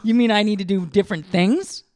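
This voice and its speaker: A man's voice: high-pitched, brisk, darkish tone. A man co-hosting a podcast with his wife, joking and swearing freely as he gets defensive on a close mic. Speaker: podcast co-host. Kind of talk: casual couple chat.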